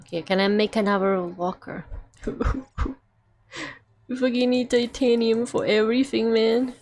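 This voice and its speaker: A woman's voice: on the high side, steady tone, a little slow, a little mellow. Chatty young woman streamer from Russia. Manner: chatty, rambling, filler-heavy, laughs often. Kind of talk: casual gameplay chat.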